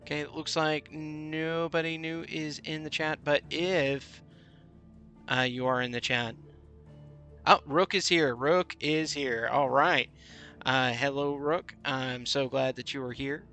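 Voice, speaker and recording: A man streaming his gameplay talks in an unhurried, drawn-out way, pausing and restarting often. His voice is bright and forward. Soft game music plays faintly underneath. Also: a little high, steady tone. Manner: chatty, many fillers and restarts. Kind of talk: casual gameplay commentary.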